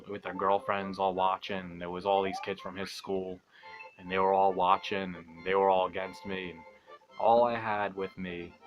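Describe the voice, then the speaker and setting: A young man telling a long story as he plays a video game, rambling, swearing and mocking himself, speaking softly because it is late at night. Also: deep voice, highs cut off. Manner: rambling, profane, self-mocking, laughs often. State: talking quietly at night. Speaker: gaming channel host. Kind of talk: casual storytelling over gameplay.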